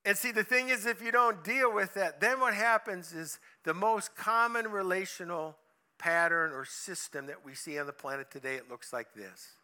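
A male pastor delivers a lively sermon, telling stories and pausing to put questions straight to his listeners. His voice sits high for a man and rings with a very bright, sharp edge. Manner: animated storytelling, acts out voices, asks the audience questions.

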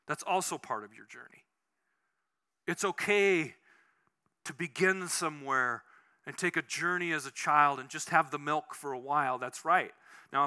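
With a voice that's a little high, this man delivers a conversational sermon as pastor. He's animated, tells personal stories, and frequently starts his sentences over.

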